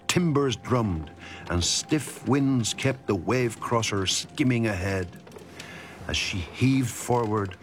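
A man narrating epic verse in a steady, measured scripted reading. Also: fairly low pitch.

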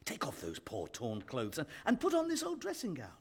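Husky preachy writer guy, acted by a man, swoopy voice, radio drama. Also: very animated, measured pace, fairly bright tone, heavily acted. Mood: earnest. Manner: earnest, preachy, swinging in pitch. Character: older male writer, kindly host, earnest and preachy.

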